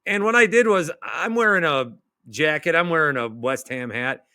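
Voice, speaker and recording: A middle-aged male radio host reading out online comments and firing back at them in a sarcastic, animated rant. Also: a little high, moderate pace, smooth, no room sound, studio quality.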